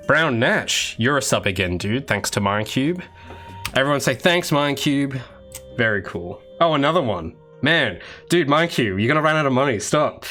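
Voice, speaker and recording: An Australian man who develops games chats casually with viewers while working on a live stream, his mid-range voice pushed and bright. He rambles, frequently restarting and going off on asides.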